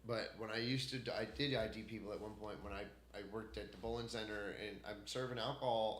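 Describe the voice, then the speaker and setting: A man ranting to camera in an unscripted solo vlog, profane and heated, swinging between loud outbursts and muttering. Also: on the low side, fairly even intonation, fairly quick, hardly any pauses. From United States. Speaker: vlogger. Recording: echoey room.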